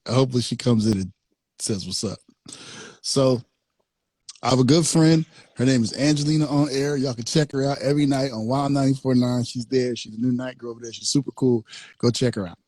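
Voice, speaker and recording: A man hosting a podcast, telling a story in an animated way and laughing often. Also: mid-range voice, a little fast, long pauses, no room sound. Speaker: podcast host. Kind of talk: casual podcast chat. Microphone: studio microphone.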